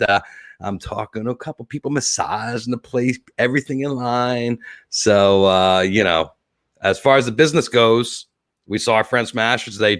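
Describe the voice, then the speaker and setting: Choked up and teary, a man rambles through the sign-off of his casual livestream from home, stumbling over fillers and restarts. He has a mid-range, slightly bright voice, captured in a dry, studio-quality recording.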